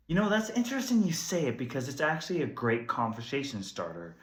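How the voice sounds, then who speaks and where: A man's voice: medium pitch, wildly swooping pitch, quick pace, few pauses. A young man, a stand-up comedian, telling candid, self-deprecating stories in a comedy sketch. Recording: roomy echo.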